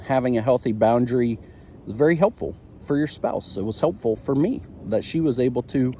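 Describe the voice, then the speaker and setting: A man's voice: medium pitch, lively intonation, brisk, warm tone, slight background noise. A man in his thirties hosting a marriage show, telling a personal story in a candid, confessional way with frequent ums and uhs. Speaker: marriage podcast host.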